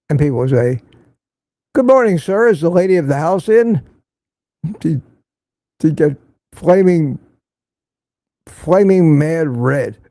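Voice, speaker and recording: This livestream host is an older man whose slightly high, warm voice comes through a dry recording. He reads comments from viewers and answers with blunt opinions, frequently saying things twice to drive them home.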